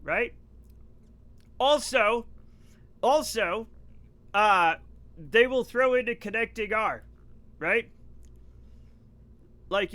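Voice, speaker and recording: Joking around with viewers on a live game stream, a man from the northeastern United States talks in a casual, animated way with a New England accent. His pitch is high, and the tone comes across pushed and bright.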